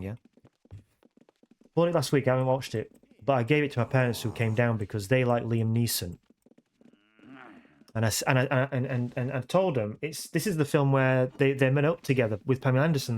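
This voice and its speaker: While playing a life-sim game on stream, this man rambles through a casual chat with viewers, often ending lines with a questioning "yeah?" His mid-range voice has a slightly mellow quality.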